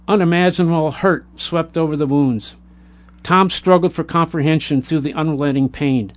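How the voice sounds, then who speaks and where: A man reading a war memoir aloud in a measured, plain way, now and then stumbling and correcting himself. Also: on the high side. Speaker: narrator.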